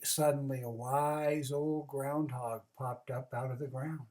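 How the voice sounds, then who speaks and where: A storyteller casually reading a children's book aloud, with chatty asides and expressive narration. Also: mid-range voice, a little slow, few pauses. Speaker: storybook reader.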